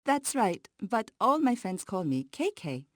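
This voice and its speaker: A woman voicing a cheerful Japanese graphic designer in a scripted textbook dialogue, lively in tone. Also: mid-range voice, measured pace, dry recording, studio quality.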